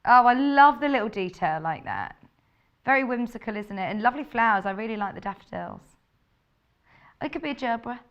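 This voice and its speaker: A woman with a low, husky voice, chatting in a bubbly way as she presents a live TV shopping show. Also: lively intonation, a little fast, lo-fi sound. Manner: bubbly, chatty, laughs often. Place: TV studio.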